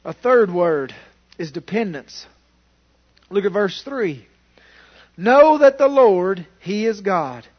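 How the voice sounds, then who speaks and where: Pastor, man, very high voice, fervent sermon, dull lo-fi recording. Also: animated, takes it slowly, long pauses, breathy edge. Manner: fervent, rising to loud exclamations, with restarts. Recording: dull lo-fi sound.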